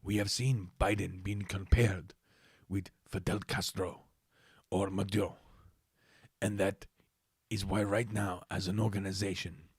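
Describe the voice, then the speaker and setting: A man putting on a mock Latino-accented male spokesman, reading a statement in a lower, quieter, deliberate voice. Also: flat delivery, husky, dry recording, studio quality, heavily acted.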